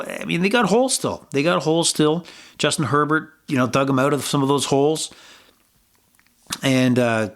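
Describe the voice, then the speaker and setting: A man's voice: mid-range voice, fairly bright tone. A man hosting a sports betting podcast, talking in a loose, rambling way with lots of fillers and casual swearing. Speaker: podcast host.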